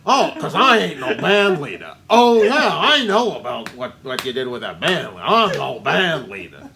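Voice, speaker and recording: Guy doing a loud ranting old movie boss, high and yelling. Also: sing-song, moderate pace, gravelly, crowd noise. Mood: raging. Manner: loud, ranting, blustering threats. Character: blustering, furious older male movie mogul.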